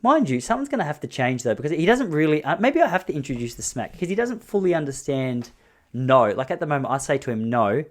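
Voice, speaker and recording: A man hosting a solo podcast, rambling and joking in an animated way. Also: a little high, fast. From Australia. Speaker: podcast host. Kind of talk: solo comedic monologue.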